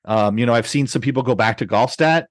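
A man's voice: mid-range voice, fast, no echo. A man hosting a podcast in casual chat, rambling with many restarts and fillers. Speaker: podcast host.

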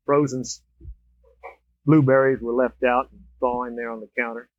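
A man preaching a sermon, telling humorous everyday stories with animated swings in pitch and loudness. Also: dry recording. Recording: dull, lo-fi dry recording.

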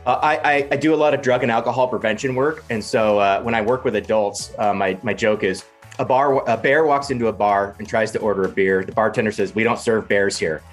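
A man's voice: fairly low pitch, a little fast, faint music behind. A man talking as a podcast guest, enthusiastic and storytelling, often restarting his sentences. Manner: enthusiastic storyteller, repeats words when starting. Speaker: podcast guest, play professional. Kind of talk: casual podcast chat.

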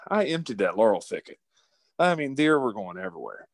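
A man from West Virginia, telling a hunting story in an animated, folksy way with frequent laughs. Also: fairly low pitch, fairly quick. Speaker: guest. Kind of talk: casual storytelling.

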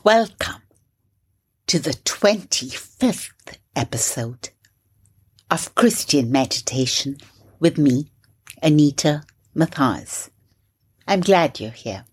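A woman from India hosting a Christian meditation podcast, calmly guiding breathing and scripture reflection. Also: deep voice, husky. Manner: calm, slow, gently instructive.

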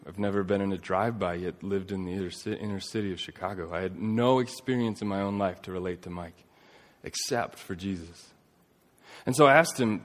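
A man in his thirties preaching a sermon, telling a story earnestly, rising to emphatic points and dropping to a hush. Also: low-pitched, fairly quick. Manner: earnest storytelling, swings between emphatic and hushed. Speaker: pastor. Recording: long reverb of a large hall.

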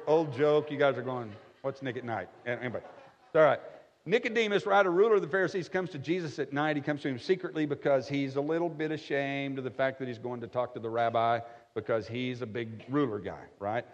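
A man's voice: mid-range voice, brisk. A middle-aged man preaching a conversational sermon with folksy jokes, often checking in with his listeners by asking "right?". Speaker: pastor. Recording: echoey hall, slightly dull sound.

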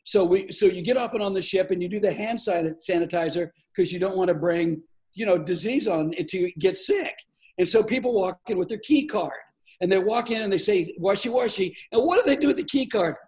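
This is an older man with a fairly high voice. He is a comedian telling stories as a guest, and he does it playfully and with animation, often laughing along with his own tales. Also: brisk, a little mellow. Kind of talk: storytelling in a podcast interview.

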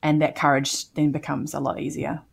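A woman's voice: sits low, little pitch movement, moderate pace, creaky, breathy edge. A woman who is a podcast guest, speaking candidly and earnestly with frequent fillers. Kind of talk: candid interview talk.

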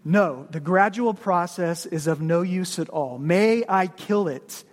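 A preacher doing a calm, relentless angel. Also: male voice, sits high, measured pace. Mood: insistent. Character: stern calm male angel, relentless and unhurried. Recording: long reverb of a large hall.

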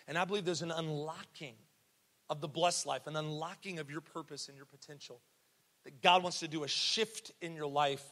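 A man's voice: fairly high pitch, fairly bright tone. A young man preaching a sermon in a church, telling a story in a casual, joking way with asides to the crowd. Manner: conversational storytelling with laughs and asides. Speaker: pastor. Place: church sanctuary. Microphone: handheld or headset mic. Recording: long hall reverb in a church.

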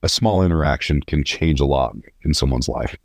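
A man's voice: a bass voice, normal speed, dry recording, studio quality. A young man from California, a podcast guest telling stories in an earnest, rambling way with many restarts. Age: young adult. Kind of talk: casual interview.

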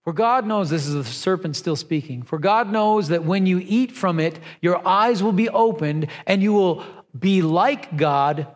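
A man preaching a sermon, telling the story with lively, pleading emphasis. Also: high-pitched. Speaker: pastor. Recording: long reverb of a large hall.

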